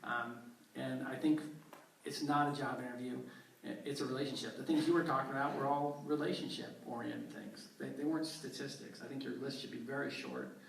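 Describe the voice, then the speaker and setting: Excitable man on a talk panel, lively pitch. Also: brisk, vocal fry, a little hiss or hum. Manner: teasing, excitable. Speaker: talk show co-host. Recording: echoey room from far off, audience. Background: studio audience.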